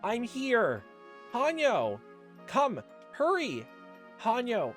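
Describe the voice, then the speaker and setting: A man voicing a frantic young girl in a game playthrough, crying out loudly and pleading for help. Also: wildly swooping pitch, drawn-out words, faint music behind, exaggerated voice. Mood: frantic shouting. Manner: shouting, high and strained.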